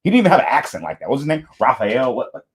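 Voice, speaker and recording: A man hosting a reaction video, talking in casual, animated, slangy commentary with frequent laughs and swearing. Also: mid-range voice, racing, husky.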